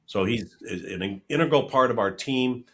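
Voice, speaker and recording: A man's voice: medium pitch, unhurried, a little hiss or hum. A middle-aged man, a financial planner, telling stories in an interview and acting out the dialogue he quotes. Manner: animated storyteller who acts out quoted dialogue. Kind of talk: conversational interview storytelling.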